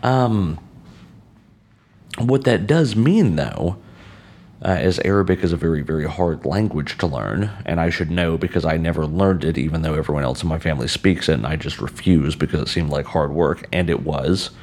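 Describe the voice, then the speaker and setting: A man's voice: a bass voice, a little fast, darkish tone. An American man hosting a podcast, talking casually on his own in a rambling way, with many fillers and restarts, on an outdoor balcony. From United States. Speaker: podcast host. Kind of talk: casual solo monologue.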